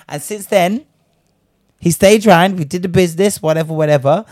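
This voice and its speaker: A young man telling a story in casual chat, brash and profane, ranting with lively energy. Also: sits high, moderate pace, no room sound, clean studio sound.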